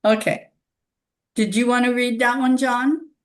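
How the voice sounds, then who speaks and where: A woman's voice: on the high side, unhurried. A woman hosts a spiritual discussion group in a casual, conversational way. She talks with energy and slips into little acted-out exchanges between people. Her tone is plain and everyday. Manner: animated, acts out little dialogues when making a point.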